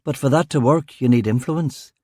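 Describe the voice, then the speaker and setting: A man's voice: mid-range voice, moderate pace, warm tone, no room sound, clean studio sound, lightly acted. A man playing a weary thirties detective. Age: 30s. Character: weary male detective inspector in his late thirties.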